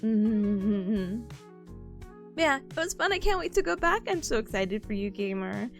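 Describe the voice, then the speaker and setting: A woman's voice: mid-range voice, sing-song, measured pace, creaky. A woman streamer chatting casually with her viewers, bubbly and giggly, full of fillers. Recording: faint music behind voice. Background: faint background music.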